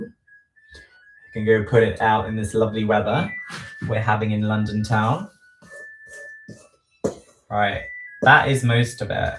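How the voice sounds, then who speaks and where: A man chatting casually on a livestream while he frosts a cake at home, rambling and poking fun at himself, with lots of ums. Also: mid-range voice. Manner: slow, rambling, self-deprecating, many ums. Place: home kitchen. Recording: echoey room, voice far from mic.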